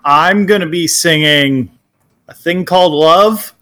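A man's voice: a little high, slow pace, pushed and bright, soft background music. A man playing in a tabletop game, casual and hesitant with trailing fillers. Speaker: player.

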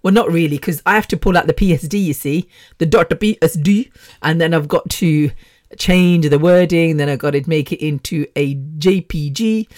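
A woman's voice: sits low, moderate pace, a little mellow, no room sound, studio quality. A woman hosting a podcast, talking in a casual rambling monologue, laughing often and losing her train of thought. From United Kingdom. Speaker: podcast host.

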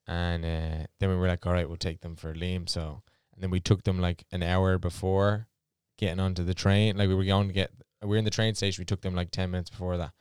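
Young dublin man, casual chat, rambling and sweary, low smooth voice, dry close sound. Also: level tone, brisk, hardly any pauses, no echo. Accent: Dublin Irish. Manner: rambling storyteller, swears a lot, bursts into loud acted quotes.

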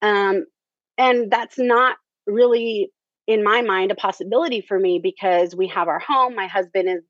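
A woman's voice: medium pitch, normal speed, no echo. A woman telling her story in a chatty, conversational way, often leaning on "you know" and "um". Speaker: theater director, interview guest. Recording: dull lo-fi, dry.

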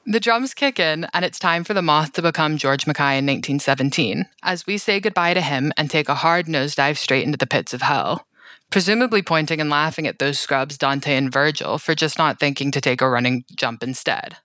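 A woman's voice: sits low, brisk, sharp tone, no echo. A woman reading a sarcastic, theatrical recap with a wry comic edge. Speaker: podcast co-host. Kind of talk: comedic scripted recap narration.

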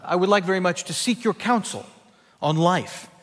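A man's voice: high-pitched, moderate pace, fairly bright tone, in a large hall. A man voicing a polite, earnest young man asking for advice, a little hesitant.

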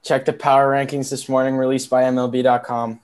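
A man's voice: medium pitch, flat delivery, fairly quick. A man co-hosting a casual sports podcast, venting in a sarcastic, exasperated way. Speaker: podcast co-host.

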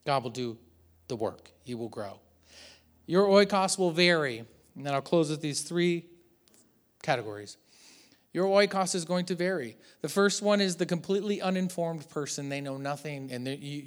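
A male pastor delivers a sermon in a fairly high voice, telling stories in a relaxed, conversational way. He slips in humor and swings between hushed moments and loud bursts. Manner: animated, swings from quiet to loud.

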